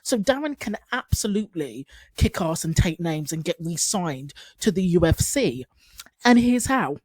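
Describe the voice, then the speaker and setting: A woman's voice: on the low side, sing-song, normal speed, a little mellow, husky, no room sound. A woman giving casual commentary as a YouTube commentator, chatty with sarcastic asides.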